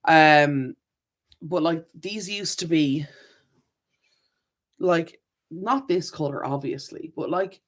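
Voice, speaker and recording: A woman's voice: low voice, slow pace, long pauses. A woman hosting a live-stream Q&A. She rambles in a chatty way, reads viewer comments aloud, laughs often and corrects herself mid-sentence. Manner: laughs often, many fillers and self-corrections. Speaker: channel host.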